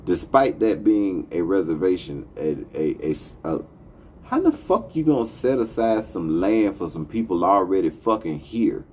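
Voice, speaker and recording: A man's voice: deep voice, big pitch swings, moderate pace, warm tone, slight background noise. A man hosting a talk show, delivering a profane, impassioned monologue. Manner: profane, heated, emphatic. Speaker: podcast host.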